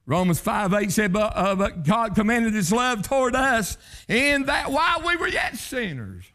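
A man preaching a revival sermon, rising into shouted, chanting lines and falling back low. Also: very animated, measured pace. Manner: chanting revival-style sermon, pitch leaping up to shouts then dropping low.

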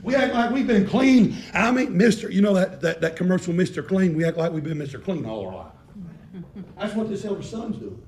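High-voiced preacher booming in a church hall. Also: male voice, very animated, a little fast, a little hiss or hum. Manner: swings from quiet reading to shouted preaching; folksy, colloquial phrasing. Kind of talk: sermon. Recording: echoey hall from far off.

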